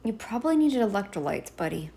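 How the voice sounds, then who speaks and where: A woman's voice: medium pitch, sing-song, fast talker, vocal fry, mellow. A woman giving a casual reaction commentary, arguing emphatically back at a video she is watching. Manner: emphatic, argumentative, talks back to the clip.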